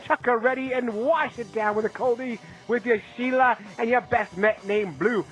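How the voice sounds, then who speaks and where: A caller putting on a hammy, slang-heavy Australian lure-maker persona. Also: male voice, extremely high pitch, moderate pace, soft background music, rough recording. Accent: put-on Australian. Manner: hammy, slang-heavy, laughing at his own impression.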